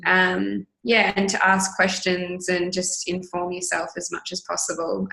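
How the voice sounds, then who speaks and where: A woman with an Australian accent, a Pilates instructor chatting casually as an interview guest, with relaxed ums and trailing sentences. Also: fairly low pitch, a little slow, creaky, hardly any pauses. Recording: roomy echo.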